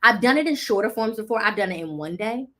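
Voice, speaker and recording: A woman business coach chatting casually on a live stream, excitable, animated and full of slang. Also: mid-range voice, quick pace.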